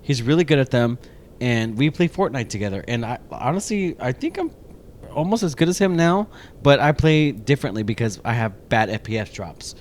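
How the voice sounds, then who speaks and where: A man's voice: mid-range voice, moderate pace. A man co-hosting a podcast in casual chat, telling a rambling story full of swearing. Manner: animated, rambling, swears a lot. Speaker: podcast co-host.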